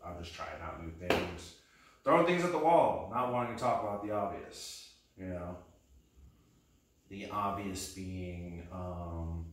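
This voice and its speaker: A man in his thirties from Texas rambles through a practice comedy set. His delivery is deadpan and self-deprecating, and he wanders between topics. The sound bounces around a reverberant room, with the mic set well back. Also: sits low, measured pace, far from the mic. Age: 30s. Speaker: stand-up comedian.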